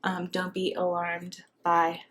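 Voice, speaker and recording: A woman's voice: lowish voice, monotone, takes it slowly, a bit bright, slight background noise. A young woman chatting casually through a makeup tutorial, bubbly and full of fillers, a little out of breath as she talks. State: pregnant and out of breath. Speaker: beauty vlogger.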